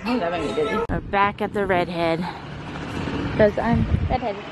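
Chatty mom vlogging on a noisy camera. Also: female voice, medium pitch, moderate pace. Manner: chatty, laughs often, talks to her toddler. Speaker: family vlogger, mother. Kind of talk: casual vlog chatter to camera. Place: lakeside rental then small beach, outdoors and indoors.

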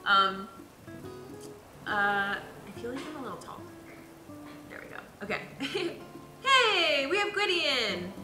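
A woman's voice: fairly high pitch, pushed and bright. A young woman streaming a video game, chatting casually and giggling while she reads out viewer comments. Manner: bubbly, giggly, chatty with many fillers. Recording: roomy echo with background music.

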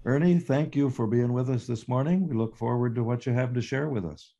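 Mellow male host with frequent fillers. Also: mid-range voice, fairly quick, gravelly, lo-fi sound. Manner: hesitant, with many fillers. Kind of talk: introducing a guest.

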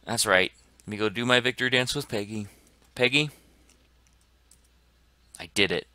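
A man commenting excitedly on his gameplay as a gaming channel host, dropping to whispers and bursting into shouts. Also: on the low side, moderate pace, no echo. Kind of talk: let's play commentary.

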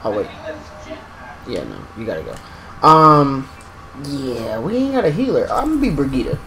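A young man giving excitable live commentary while playing a game, exclaiming and talking to himself. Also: medium pitch, normal speed, poor audio. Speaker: gaming streamer.

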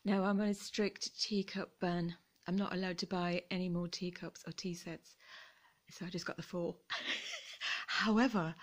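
A middle-aged woman chatting casually as she shows off her thrift haul, gushing over each find and apologizing for her pronunciation. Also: medium pitch. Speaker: vlogger.

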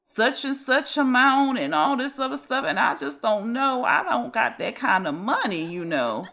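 A woman plays a sorrowful old grandmother in a life-sim let's play, begging for help and turning indignant when refused. The voice sits a little higher than the player's own and rides on lively, swooping pitch. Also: moderate pace, creaky, full character voice. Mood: pleading. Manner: whiny, pleading, indignant. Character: grieving elderly grandmother, complaining, guilt-tripping. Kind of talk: Sims let's play character voice.

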